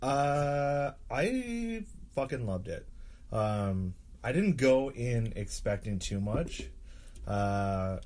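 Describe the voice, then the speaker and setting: A man guesting on a podcast, chatting in a relaxed, agreeable way and swearing casually. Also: medium pitch, drawn-out words. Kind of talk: casual chat.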